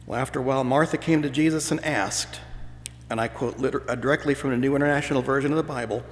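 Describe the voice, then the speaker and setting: A man's voice: mid-range voice, fairly even intonation, quick pace. Man, pastor, folksy storytelling sermon, church hall reverb. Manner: folksy storytelling with playful voices. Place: church sanctuary.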